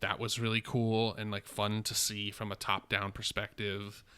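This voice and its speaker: A man with a lowish, bright and forward voice gives his take on a film on a casual podcast. He sounds measured and critical. He thinks aloud and restarts his sentences often. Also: little pitch movement, clear, resonant tone. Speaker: podcast co-host reviewing a film. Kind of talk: casual film review chat.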